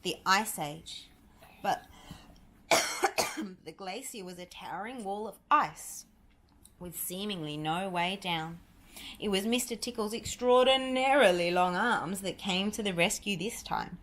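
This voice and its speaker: A woman reading a children's picture book aloud, with lively, chatty asides to a listening child. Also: medium pitch, a little slow, slight background noise. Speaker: storybook reader.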